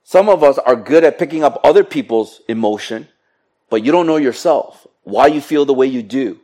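Middle-aged male preacher, lively and joking, talks straight to the congregation. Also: medium pitch, moderate pace. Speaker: pastor. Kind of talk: sermon.

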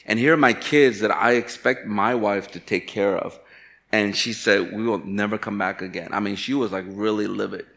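A man from Chicago delivers a sermon as a pastor, with a voice that sits on the lower side. He talks candidly, weaving personal stories into the message and poking fun at himself. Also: normal speed, vocal fry, fairly bright tone. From Chicago, USA. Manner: candid, storytelling with self-deprecating humor.

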